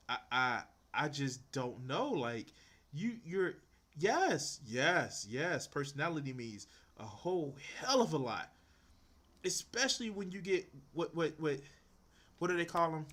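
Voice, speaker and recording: A man's voice: on the high side, fairly bright tone. A young man streaming as he draws, reacting to a video with profane, exasperated ranting. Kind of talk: casual reaction commentary.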